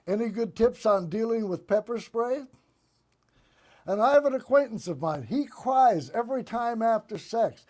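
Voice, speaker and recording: A man hosting a political comedy show, delivering one-liners and sarcastic commentary in a deadpan monologue. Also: very high-pitched, normal speed. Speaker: host.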